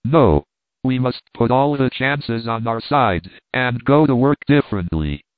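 A man reading a calm, measured expedition doctor. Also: medium pitch, dry recording, natural voice. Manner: measured, reasoning, deliberate. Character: calm, authoritative male doctor leading an expedition. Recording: tinny phone-like dry sound.

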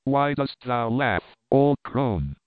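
A man's voice: mid-range voice, lively intonation, takes it slowly, smooth, no echo. A man reading as a bold young Athenian. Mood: steady. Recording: tinny phone-like dry sound.

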